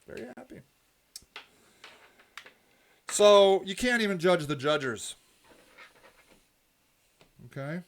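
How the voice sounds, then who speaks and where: Male streamer, high voice, preachy and repetitive, talks straight to his viewers live. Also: animated, takes it slowly, pauses often, a little hiss or hum. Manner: preachy, repetitive, ranting then softly rambling. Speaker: host of a live stream show. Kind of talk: impassioned live stream monologue.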